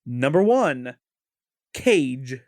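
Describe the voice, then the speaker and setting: A man's voice: mid-range voice, very animated, extremely slow, darkish tone, no echo, clean studio sound. A man co-hosting a podcast in casual chat, with a Midwestern American accent, playful and laughing often. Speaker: podcast co-host.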